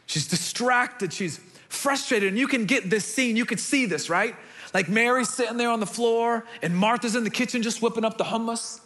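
A young man preaching a sermon, telling stories in an animated way and repeating words as he builds a point. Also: very high voice, normal speed. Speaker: pastor.

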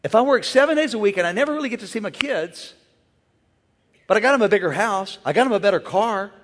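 A man who is a pastor, preaching a lively sermon and calling out to the congregation to join in. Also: high-pitched, fast talker, a little hiss or hum. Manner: energetic, playful call-and-response with the crowd. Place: large church. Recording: long church hall reverb.

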